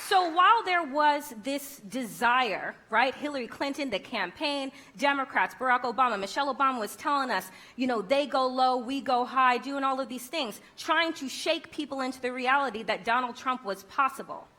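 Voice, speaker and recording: A woman's voice: sits high, lively intonation, normal speed, few pauses, bright, forceful tone, some chatter behind. A woman giving a conference keynote speech, emphatic and rhetorical, with wry humor. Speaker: keynote speaker.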